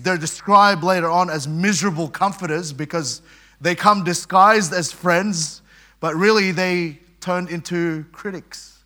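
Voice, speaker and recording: Male preacher with a bright, slightly high voice, stumbling over repeated words as he explains scripture. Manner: conversational preaching with frequent repetitions and quoted scripture. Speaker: pastor. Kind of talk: sermon.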